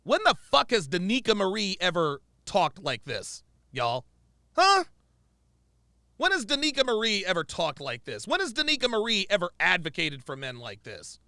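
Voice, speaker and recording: A man's voice: high voice, huge pitch swings, moderate pace, vocal fry, sharp tone, no echo, studio quality. A man giving profane, exasperated reaction commentary, repeating his points with emphasis.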